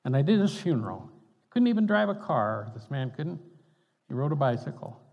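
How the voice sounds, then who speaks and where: Gravelly folksy older pastor preaching. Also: male voice, on the high side, big pitch swings, normal speed. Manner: folksy, conversational, chuckles between points. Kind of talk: storytelling sermon. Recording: dull reverberant hall sound.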